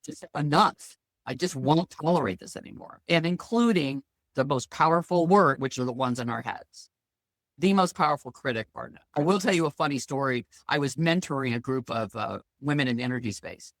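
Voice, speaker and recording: A woman's voice: very deep voice, fairly quick, no room sound. A middle-aged woman, a financial planner guest, talking bluntly and telling stories in a casual interview. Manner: lively, blunt storyteller.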